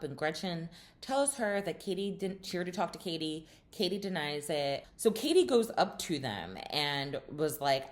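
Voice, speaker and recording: A woman's voice: on the low side, big pitch swings, normal speed. A woman hosting a casual reality TV recap, chatty and opinionated, with lots of fillers and sassy asides.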